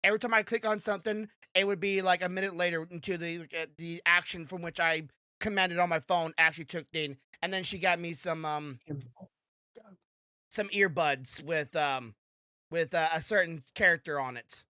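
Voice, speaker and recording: A young man chatting loosely as a podcast host, his voice bright and forward. He rambles, circling back with many "um"s and restarts. The sound is dry and close. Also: a little high, steady tone, normal speed, clear, resonant tone, no echo. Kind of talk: casual podcast chat.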